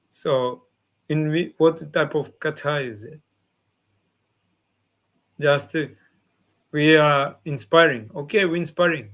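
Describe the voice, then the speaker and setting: A man's voice: fairly high pitch, measured pace, pauses often. A man giving a devotional class in simple, non-native phrasing, often acting out the replies of his listeners. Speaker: spiritual teacher.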